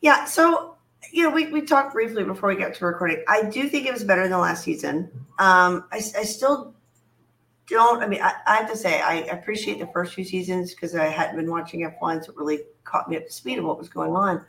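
A woman co-hosting a casual motorsport chat podcast, hoarse and raspy from a cold, talking in halting starts and restarts. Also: lowish voice, a bit bright, rough recording. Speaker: podcast co-host. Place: home, Germany.

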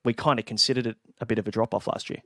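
A man hosting a casual fantasy sports podcast, relaxed and passing questions to his co-hosts. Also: mid-range voice, rapid-fire, no room sound, clean studio sound. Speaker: podcast host.

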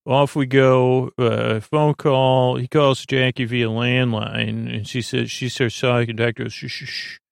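A man's voice: medium pitch, little pitch movement, unhurried, gravelly, few pauses, clean tone, dry recording, studio quality. A man hosting a sleep podcast, retelling an episode in a meandering way, full of "uh" and "he goes". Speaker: podcast host. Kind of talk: rambling episode recap for sleep.

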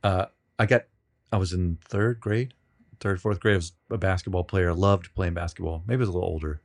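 A man being interviewed on a podcast, telling rambling, self-deprecating stories with many halting restarts. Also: low-pitched, fairly even intonation, darkish tone. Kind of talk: casual storytelling.

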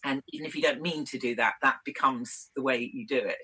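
Woman, British, actress, interview guest, bright tone, slightly husky, chatty, thoughtful. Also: a bass voice, brisk, poor audio. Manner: thoughtful, chatty, laughs often, many restarts. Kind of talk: conversational interview answers.

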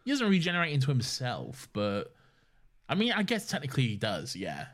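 A man co-hosting a podcast, chatting casually in a relaxed way, laughing often and hedging his points. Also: mid-range voice, fairly quick. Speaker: podcast co-host. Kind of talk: casual chat.

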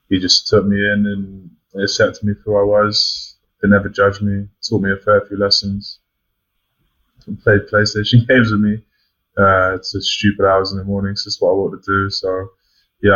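Young English man, low flat voice, bright tone, lo-fi recording; candid podcast guest who swears. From England. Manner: frank, swears freely, many ums. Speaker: podcast guest, rugby player. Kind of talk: casual reflective chat. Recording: dull lo-fi sound.

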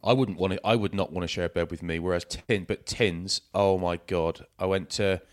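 A man's voice: low-pitched, fairly even intonation, moderate pace. A man co-hosting a podcast, telling rambling anecdotes with lots of fillers and restarts. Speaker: podcast co-host. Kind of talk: casual chat, storytelling.

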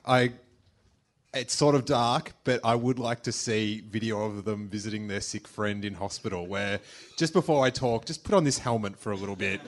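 A man in casual chat, adding wry, dark jokes and short interjections. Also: lowish voice, normal speed.

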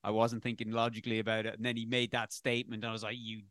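A man's voice: fairly low pitch, little pitch movement, very fast, a bit bright, no echo, studio quality. A man in casual sports discussion, rambling and correcting himself as he argues his opinion.

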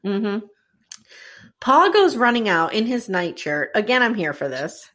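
A woman's voice: medium pitch, sing-song, unhurried, fairly bright tone. A woman co-hosting a podcast, chatting casually as she recaps episodes and acts out the characters' lines. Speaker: podcast co-host.

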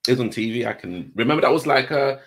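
A man's voice: mid-range voice, lively intonation, fast. A man hosting an interview, mostly giving short replies. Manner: brief backchannel replies. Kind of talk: casual interview chat.

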